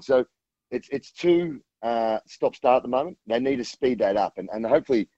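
A man's voice: medium pitch, lively intonation, normal speed, mellow, no room sound. Rambling man on a muffled phone line. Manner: rambling, many restarts and fillers. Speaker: rugby guest on the phone. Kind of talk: casual radio chat.

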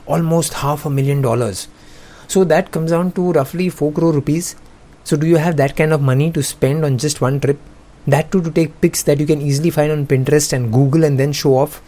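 A young man delivers comedic news commentary. He is sarcastic and jokey, and he laughs often between his remarks. His voice sits fairly high for a man. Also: a little mellow. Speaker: host.

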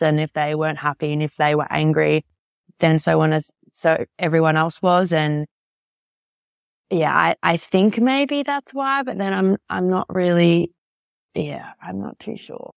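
Deep, gravelly-voiced hesitant woman. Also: no echo, clean studio sound. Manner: hesitant, searching for words, frequent "like". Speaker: podcast host. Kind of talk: casual podcast conversation.

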